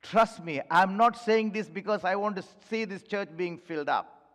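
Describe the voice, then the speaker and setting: A man's voice: sits high, moderate pace, fairly bright tone. A man preaching a sermon as pastor to his church, pleading with the congregation and repeating phrases for emphasis. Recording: long reverb of a large hall.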